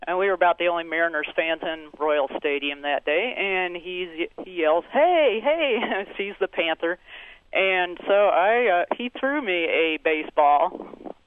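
A woman's voice: lowish voice, moderate pace, clear, resonant tone, no room sound. A woman calling in to a radio show, telling a story in a chatty, folksy way. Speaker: caller. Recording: phone line.

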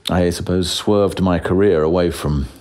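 Deep-voiced self-deprecating man. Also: steady tone, moderate pace, darkish tone. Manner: self-deprecating, chuckling, with many restarts. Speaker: actor guest. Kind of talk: casual interview chat.

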